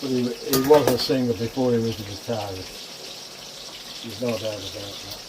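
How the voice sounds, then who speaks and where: A man's voice: medium pitch, fairly even intonation, moderate pace. A man chatting casually to his viewers while cooking in his home kitchen, calling them folks. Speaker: cooking vlogger. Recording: frying and running water noise. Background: sizzling pan and tap water.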